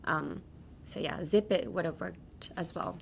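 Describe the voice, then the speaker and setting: A woman's voice: on the low side, unhurried, gravelly, husky. A woman hosting a casual language-lesson podcast. She explains phrases in a loose, chatty way, full of "like" and "um", and switches between English and Japanese. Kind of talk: casual teaching chat.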